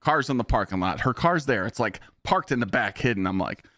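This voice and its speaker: A young man streaming games, telling stories to his chat in a blunt, profane, animated way. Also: mid-range voice, a little fast, no echo. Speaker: game streamer. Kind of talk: casual live-stream storytelling.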